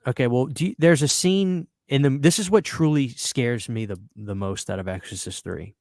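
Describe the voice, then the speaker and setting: A mid-pitched man talks fast and loose on a podcast, cursing freely and repeating himself as he gets fired up. The sound is dry and close, with no room around it. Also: no echo. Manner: excitable, swearing, repeats words when worked up. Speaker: podcast host. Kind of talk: casual chat.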